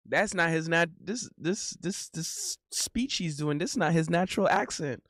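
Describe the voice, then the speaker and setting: A man in his thirties rambles through casual livestream banter. His slangy talk keeps looping back over the same words. His voice sits a bit high, and the sound is dry and close to the microphone. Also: animated, moderate pace, few pauses, fairly bright tone, no echo. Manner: rambling, repeats himself, slangy. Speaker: live streamer. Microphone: studio condenser mic.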